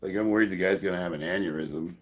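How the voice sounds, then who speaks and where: A powerlifter in his fifties talks casually on a live stream in a low voice at a fast clip. He's sarcastic and profane and laughs a lot.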